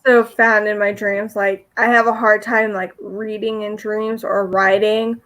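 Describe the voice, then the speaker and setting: A woman's voice: medium pitch, little pitch movement, a little slow, a bit bright. A woman co-hosting a podcast, chatting in an easygoing, hesitant way. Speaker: podcast co-host. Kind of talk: casual chat.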